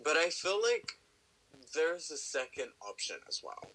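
A man's voice: a little high, very animated, unhurried, sharp tone, rough recording. A man co-hosting a casual comedy podcast, chatty and teasing, laughing often. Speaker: podcast co-host.

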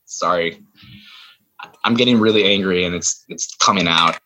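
A man's voice: low voice, normal speed, sharp tone, slight background noise, poor audio. A man chatting casually on a video call, hesitant and full of restarts, getting worked up and then sheepish. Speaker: podcast co-host. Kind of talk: casual chat.

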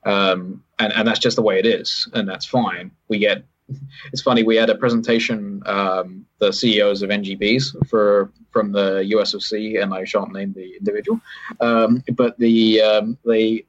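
A British man talking in a casual, rambling interview, often correcting himself and adding wry asides. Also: fairly low pitch. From Britain. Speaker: sports federation chief executive, podcast guest. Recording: dull, lo-fi podcast audio.

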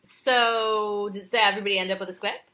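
A woman's voice: mid-range voice, fairly even intonation, a little fast, sharp tone. A woman in casual chat, reacting and asking curious follow-up questions. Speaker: co-host.

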